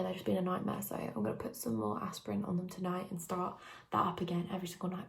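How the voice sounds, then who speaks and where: A young woman talks through her day in a relaxed vlog, recorded on a phone in her bedroom. Her voice sits at a middle pitch with a lot of gravelly vocal fry, and she often slips into a breathy half-whisper. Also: slight background noise. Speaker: vlogger. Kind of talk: casual day-in-the-life vlog chat. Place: bedroom at home. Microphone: phone camera.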